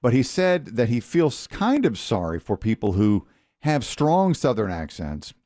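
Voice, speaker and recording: A man's voice: medium pitch, huge pitch swings, measured pace, dark tone, no room sound. A man in his fifties co-hosting a morning radio show, chatting casually and throwing out questions and dry quips. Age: 50s. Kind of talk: casual chat.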